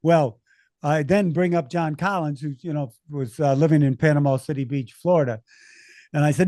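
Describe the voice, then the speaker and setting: An American man, a race announcer, telling lively anecdotes as a podcast guest, often restarting his sentences. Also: fairly high pitch, normal speed, no room sound, clean studio sound. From United States. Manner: animated anecdotes with many restarts. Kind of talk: storytelling conversation.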